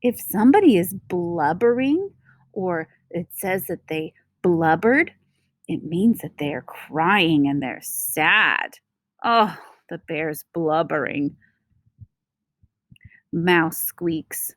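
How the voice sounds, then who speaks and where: Woman reading a picture book aloud to children: very slow, lively pitch, explains words as she goes, dry sound. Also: dry recording. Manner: slow, expressive, explains words to young listeners.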